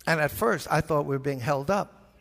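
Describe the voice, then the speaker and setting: A man's voice: fairly high pitch, moderate pace, vocal fry. An older man from Brooklyn with a New York accent, a pastor telling a story in a sermon and acting out the voices in it. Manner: animated storyteller, acts out voices. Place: large church. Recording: reverberant church hall.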